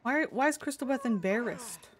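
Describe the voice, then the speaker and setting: A woman's voice: on the high side, expressive, normal speed, a little hiss or hum. A woman streamer talking casually and playfully to her viewers as she plays, thinking aloud in a chatty, joking way. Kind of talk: casual live-stream chat while playing a game.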